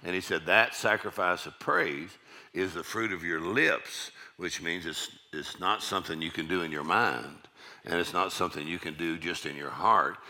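A man with a very low, deep voice preaching to his congregation. His tone is strikingly bright and forceful, and he drives his points home by repeating lines and calling out "amen". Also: normal speed. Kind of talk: sermon.

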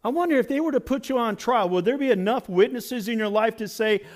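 High-voiced man preaching a lively sermon. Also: brisk. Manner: animated, conversational storytelling. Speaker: pastor.

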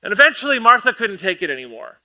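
A man preaching a sermon as pastor, humorous and self-deprecating, an animated storyteller who often repeats words as he goes. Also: high voice, quick pace.

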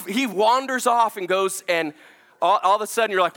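A man in his forties preaches to his congregation in a church. His voice sits high and bright. He moves from lively, self-mocking storytelling into quiet, earnest appeals. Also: brisk. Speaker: pastor. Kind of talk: storytelling sermon.

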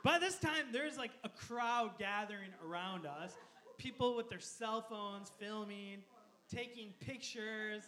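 A man in his thirties, a pastor preaching a sermon, telling a story with animated energy and frequent laughter. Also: sits high, measured pace. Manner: animated storyteller, laughs often, shouts quoted lines.

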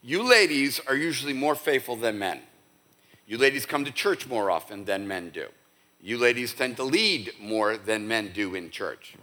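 Animated, bright-voiced male pastor preaching. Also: mid-range voice, normal speed. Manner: conversational, animated preaching with asides. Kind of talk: sermon. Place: church sanctuary.

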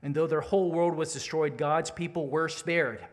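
A man's voice: a little high, fairly even intonation, moderate pace. Earnest male pastor in a reverberant hall. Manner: earnest, candid, rising to urgent appeals. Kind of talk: sermon. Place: church sanctuary.

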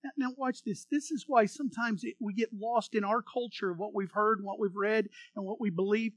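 A male pastor preaching an animated sermon, acting out voices from the story and leading the congregation in repeating phrases. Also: high voice, fairly quick, dry recording.

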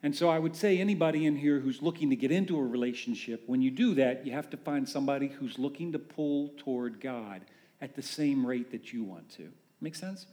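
A man preaching a conversational sermon as a pastor, animated and full of rhetorical questions. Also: on the high side.

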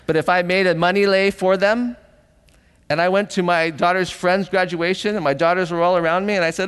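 A middle-aged pastor preaches a sermon, talking fairly quickly in a clean tone with a long reverb tail. He tells stories animatedly and acts out voices with big pitch jumps.

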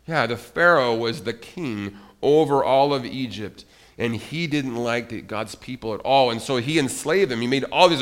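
A man leading a children's church service, telling a Bible story in an animated way, asking the kids questions and calling on them by name. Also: medium pitch, moderate pace.

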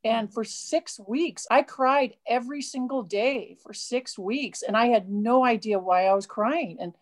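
A woman's voice: on the high side, a little slow. A woman guest in an interview, telling her faith story in an earnest, emotional way. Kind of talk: personal testimony in an interview.

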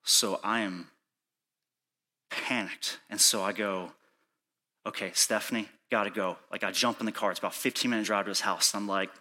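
Bright-voiced man preaching a sermon. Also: on the low side, fairly even intonation, moderate pace. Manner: urgent pleading, rising to shouting in reenacted moments; soft and hushed when recounting prayer. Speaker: pastor. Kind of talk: sermon storytelling.

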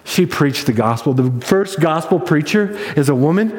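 A man preaches in a fairly high voice, telling his story with emphasis and building toward excitement. A long reverb trails his words through a large hall. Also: moderate pace. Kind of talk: sermon.

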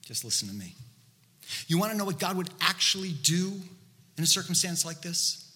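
A man preaching a sermon in an animated, conversational way, asking the listeners many rhetorical questions. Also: sits high, moderate pace, in a large hall. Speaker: pastor.

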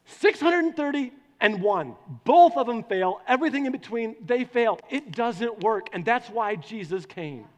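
Guy pastor preaching, high voice, keeps asking the crowd stuff, big echoey hall. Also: a little slow, hardly any pauses. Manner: animated, asks the congregation questions. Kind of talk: sermon. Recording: long hall reverb.

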